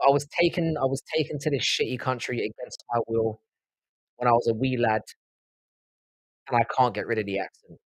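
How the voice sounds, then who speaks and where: Husky South London man rambling on stream. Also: mid-range voice, fairly quick, long pauses, dry recording, poor audio. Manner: rambling, profane banter, answers viewers' chat. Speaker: livestream host. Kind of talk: casual live-stream chat.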